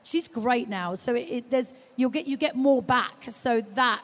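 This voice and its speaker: Lively woman telling stories. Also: a little high, measured pace. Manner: animated storytelling, acting out quotes. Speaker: guest, mother of a baby. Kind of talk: live podcast chat. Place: live stage at a large exhibition hall. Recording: long reverb of a large hall.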